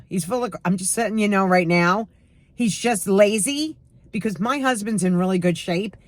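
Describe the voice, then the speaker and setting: A woman's voice: medium pitch, no echo. A woman in her sixties chatting casually to camera at home, sarcastic and emphatic as she tells stories. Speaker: lifestyle vlogger.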